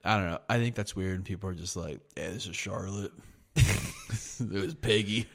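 Profane, laughing young man chatting. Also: low voice. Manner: profane, laughing, mimics people in quick asides. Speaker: podcast co-host. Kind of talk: casual chat.

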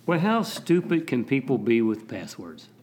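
A man co-hosting a podcast in a friendly, agreeable way, often chiming in with quick assents. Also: medium pitch, sing-song, noisy background. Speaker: podcast co-host. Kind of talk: casual chat.

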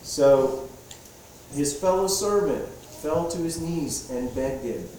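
Male pastor, conversational sermon, dark tone, far off the mic in a roomy hall. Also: a little high, takes it slowly, a little hiss or hum. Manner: relaxed, asks the congregation questions. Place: church hall with a congregation. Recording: echoey hall, distant mic.

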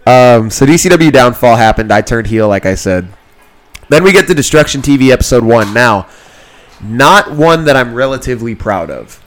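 A man of ordinary pitch hosts a laid-back podcast and tells a story about an old match. He talks in a lively way, laughs often, swears and acts out both voices of the conversation. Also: moderate pace. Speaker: podcast host. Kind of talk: casual storytelling chat. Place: small room, sitting on a kid's trampoline. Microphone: own mic close to a second mic.

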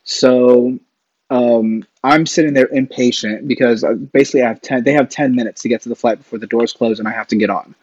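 In a brisk, mid-range voice with fairly even intonation and a darkish tone, a man guesting on a podcast rambles through casual stories, using many fillers and restarts. The lo-fi recording sounds dull and dry, with no echo.

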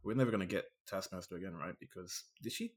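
A man co-hosting a casual film review chat, animated and laughing as he mimics scenes. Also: deep voice, fast talker. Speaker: podcast co-host.

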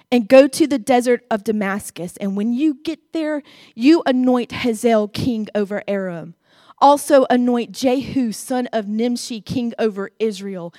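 A woman preacher voicing the Lord, speaking to a prophet in a hushed whisper that swells into emphatic pleading. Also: a little high, no echo, clean studio sound, natural voice. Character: the Lord, a male divine voice, gentle then commanding.

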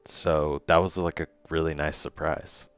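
A man's voice: extremely low pitch, little pitch movement, measured pace, clear, resonant tone, no room sound, faint music behind. A man co-hosting a podcast, thinking aloud about a movie in a hesitant way with many fillers. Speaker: podcast co-host. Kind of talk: casual movie discussion.

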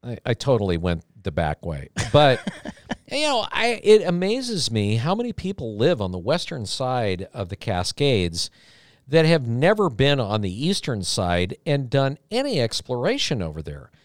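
A man chatting as a podcast guest, his pitch swinging up and down as he rambles through a long story. He slips in deadpan jokes along the way. The sound is dry and close, with no room echo. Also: measured pace. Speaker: podcast guest, radio host. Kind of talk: casual chat.

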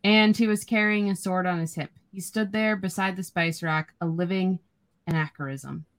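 A young woman co-hosts a relaxed book-club podcast, talking in a low register with a gravelly, fry-heavy voice. She reads passages from the book aloud and comments on them in an easy, agreeable way. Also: normal speed. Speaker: podcast co-host. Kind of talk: casual book-club chat.

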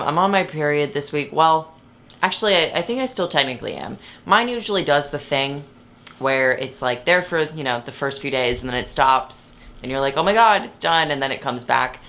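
A young woman with a low voice hosts her podcast from her bed. She rambles loosely and cuts herself off mid-thought. She breaks into laughter often. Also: normal speed, fairly bright tone. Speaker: podcast host. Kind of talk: casual chat. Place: bedroom, sitting on her bed.

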